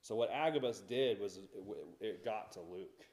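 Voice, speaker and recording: A man's voice: on the low side, normal speed, a little mellow. A man teaching a Bible study in a church, talking conversationally and asking the class questions.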